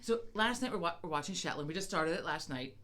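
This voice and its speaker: A woman's voice: lowish voice, quick pace. An American woman co-hosting a podcast, telling stories in casual, profane chat. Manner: chatty, swears freely, animated storytelling. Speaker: podcast co-host.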